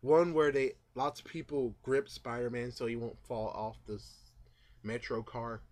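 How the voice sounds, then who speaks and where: A man vlogging his casual, rambling thoughts on a movie, full of fillers and asides, who gets louder when retelling scenes. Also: mid-range voice, steady tone, unhurried. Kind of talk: casual movie reaction vlog.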